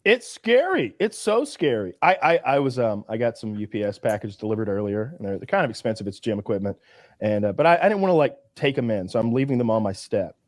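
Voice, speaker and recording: A man's voice: mid-range voice, big pitch swings, fast talker, dry recording. A man hosting a podcast, telling long, rambling stories in casual chat and swearing freely. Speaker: podcast host.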